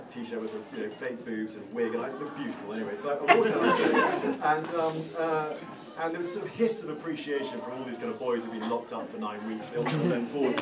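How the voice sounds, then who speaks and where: A middle-aged man giving a eulogy for his father, telling funny stories in a halting, self-deprecating way with many restarts. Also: medium pitch. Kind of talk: anecdotal speech to a crowd. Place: large room at a funeral gathering. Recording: roomy hall, distant mic, audience laughter.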